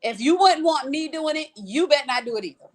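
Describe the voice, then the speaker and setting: A woman's voice: high voice, brisk. A woman hosting a casual livestream chat who reads out viewer comments and answers them bluntly, with lots of swearing. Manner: blunt, profane and animated, reading out comments.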